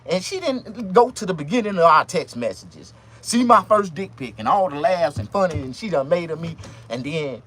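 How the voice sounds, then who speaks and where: A man doing a stand-up comedy monologue, jumping his voice high when quoting women. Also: a little hiss or hum. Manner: animated, swings pitch high for quoted women.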